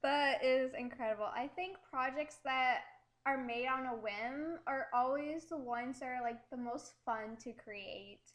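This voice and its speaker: High-voiced enthusiastic woman interviewer. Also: unhurried. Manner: enthusiastic, giggly. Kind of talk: casual interview questions.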